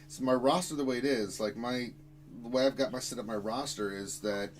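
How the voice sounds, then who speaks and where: A man's voice: medium pitch, a little fast, faint music behind, poor audio. A man hosting a casual gaming stream, rambling and swearing with playful exasperation. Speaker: stream host.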